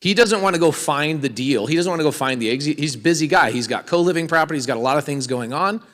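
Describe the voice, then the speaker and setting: Man, fairly high voice, energetic seminar speaker, questions to the audience, reverberant hall. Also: fast. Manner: energetic, quizzing the crowd with questions. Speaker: real estate speaker. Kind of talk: live seminar talk to an audience.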